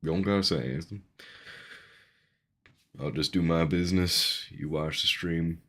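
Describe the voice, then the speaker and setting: A man chatting casually with his viewers between songs on a live stream, in relaxed, mumbled asides. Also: low voice, moderate pace.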